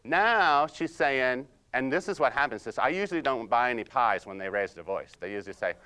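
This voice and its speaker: Man playing a quiet nerdy analyzer type. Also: mid-range voice, lively intonation, smooth. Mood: deadpan nerdy. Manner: slow and hesitant, many ums and "you see?". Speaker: personality-styles trainer. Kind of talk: comedic role-play of a personality type.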